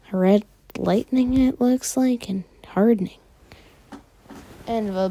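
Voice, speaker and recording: A woman casually narrating a fan story, filling pauses with frequent "uh"s. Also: medium pitch, dark tone.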